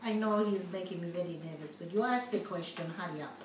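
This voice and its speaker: A woman's voice: fairly high pitch, unhurried. A woman playing a flustered migrant woman in an immigration interview, talking in broken English full of mix-ups. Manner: broken English, malapropisms, excitable, giggly. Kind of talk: comedy sketch. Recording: roomy echo, distant mic, faint noise.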